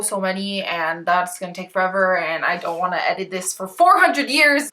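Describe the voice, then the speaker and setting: A woman's voice: a little high, sharp tone. A young woman chatting casually on her book vlog, bubbly and rambling, tripping over author names as she talks to the camera. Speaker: book vlogger. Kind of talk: casual chat.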